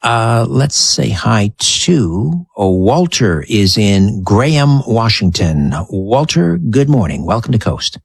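A man hosts a late-night call-in radio show in an easygoing, chatty way. His voice is low and a little husky. The dry studio sound keeps him close and clear. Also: big pitch swings, takes it slowly, few pauses, dry recording. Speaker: radio talk show host.

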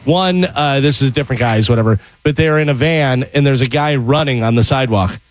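A man co-hosting a radio talk show, telling stories in a lively way and acting out what people said. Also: mid-range voice, brisk, no echo. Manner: animated storyteller, acts out quotes. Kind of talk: casual radio chat.

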